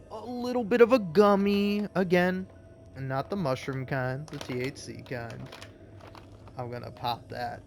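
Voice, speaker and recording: A man with a slightly high voice rambles through casual gaming commentary, cursing freely and bantering with what is on screen. Faint game music plays underneath. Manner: rambling, swearing, talks back to the game. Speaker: let's play host.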